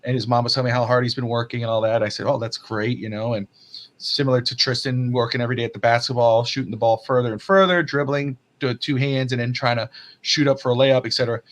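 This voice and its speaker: Fast-talking man telling a lively story. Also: medium pitch. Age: adult father. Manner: animated storyteller, acts out quotes loudly. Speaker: podcast host. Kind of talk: casual chat.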